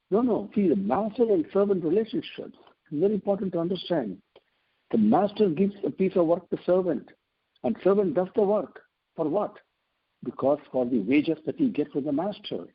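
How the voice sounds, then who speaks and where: A man giving an earnest devotional talk on scripture, explaining slowly and repeating phrases for emphasis, heard over a telephone line. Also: high-pitched, animated, husky. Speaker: spiritual teacher.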